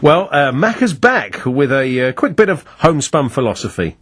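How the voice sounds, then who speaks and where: Wry radio host, husky voice. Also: male voice, fairly high pitch, very animated, moderate pace, a bit bright, no echo, clean studio sound. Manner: wry, teasing. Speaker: radio sports show host. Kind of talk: jokey radio banter. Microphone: studio microphone.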